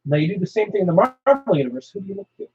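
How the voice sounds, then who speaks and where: A man's voice: high voice, big pitch swings, rapid-fire, mellow. A man in a casual roundtable chat, making his point with leading questions. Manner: argumentative, asks leading questions. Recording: dull lo-fi recording.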